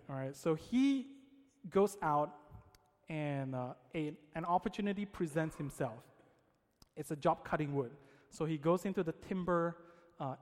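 Conversational male preacher in a reverberant hall. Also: fairly high pitch. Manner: casual, conversational, with frequent "right?". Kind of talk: sermon storytelling.

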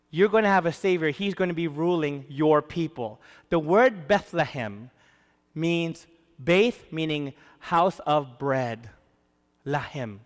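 A man preaching a sermon, animated, swinging from loud emphasis to hushed storytelling. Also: a little high. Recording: long hall reverb.

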